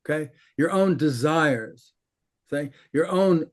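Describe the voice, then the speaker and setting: A man teaching in conversation, blunt and animated, laughing often and cursing casually, his voice swooping up high when he mimics others. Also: moderate pace. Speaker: spiritual teacher.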